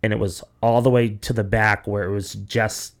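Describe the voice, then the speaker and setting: Brief: young male podcast host, low gravelly voice, loose profane storyteller. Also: flat delivery, normal speed. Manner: rambling, profane, acts out quoted voices. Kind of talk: casual storytelling.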